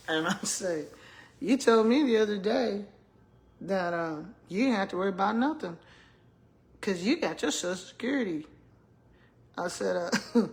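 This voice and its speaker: An older woman from the American South talks straight to her viewers in a loose, chatty vlog. Her voice sits a little low, and she tells her stories with frequent laughter. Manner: animated storytelling, laughs often, addresses viewers as y'all. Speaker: retired school principal vlogger. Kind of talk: casual chat to viewers.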